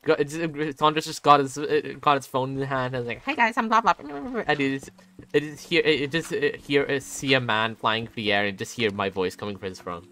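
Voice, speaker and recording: A man's voice: mid-range voice, level tone, brisk, pushed and bright. A young man streaming a game, rambling and joking casually with chat and laughing often. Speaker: gaming streamer.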